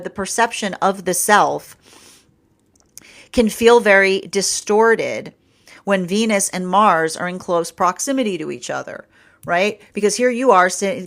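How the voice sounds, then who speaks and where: A woman's voice: medium pitch, fairly bright tone. A woman giving a casual tarot and astrology reading, rambling with frequent laughs and restarts. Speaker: tarot reader.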